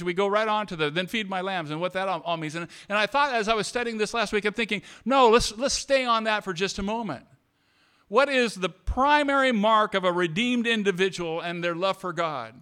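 A male pastor preaching with a high-pitched, bright voice. He moves from hushed, tender moments to loud, emphatic declarations, repeats his phrases and calls out for amens. His tone is clear and resonant. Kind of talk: sermon.

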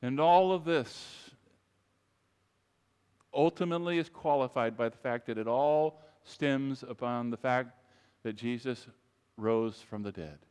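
A man's voice: medium pitch, measured pace, pauses often, a little mellow, smooth. A man preaching a sermon to his congregation, emphatic and repetitive, speaking to them directly. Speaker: pastor. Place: church sanctuary. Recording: long reverb of a large church.

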